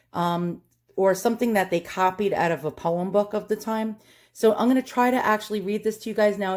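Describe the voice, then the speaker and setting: A woman's voice: mid-range voice, darkish tone. A woman with a New York accent chatting in a casual vlog, nervous and self-deprecating, rambling with lots of fillers and restarts. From Long Island, New York. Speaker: vlogger.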